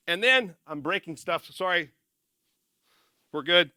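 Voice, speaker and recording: A man talks an audience through a tough training drill in a loose, energetic way, stumbling and correcting himself as he goes. His voice is very bright and a little high for a man. The sound is close and dry. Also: a little fast, no echo. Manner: energetic, rambling, self-correcting, laughs at himself. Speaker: former military speaker and success coach. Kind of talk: casual motivational talk to an audience.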